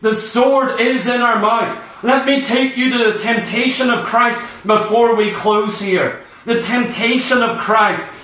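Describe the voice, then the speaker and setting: A man's voice: very high voice, unhurried, hardly any pauses, pushed and bright. A man preaching a sermon with impassioned, emphatic repetition. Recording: echoey hall, speaker far from mic.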